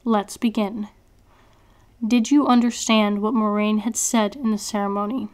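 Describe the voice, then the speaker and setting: A woman voicing a cold, menacing male interrogator who taunts in a calm, almost sing-song way. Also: medium pitch, a little slow, close to an everyday voice.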